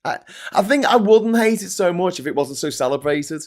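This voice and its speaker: A man with an English accent hosts a casual live-stream chat, reading viewer messages and newspapers while ranting and swearing freely. His voice is high-pitched with lively intonation at a normal speed.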